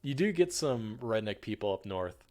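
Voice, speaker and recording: Very animated and speaking at a moderate pace, this young northern US streamer has a fairly low, darkish voice. He rambles casually as he paints on stream, swearing freely and filling gaps with fillers, over faint background music.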